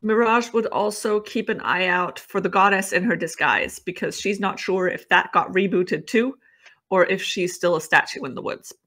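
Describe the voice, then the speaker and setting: A woman's voice: medium pitch, moderate pace, a bit bright. A woman talking as a player in a tabletop game, planning eagerly. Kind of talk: casual tabletop play.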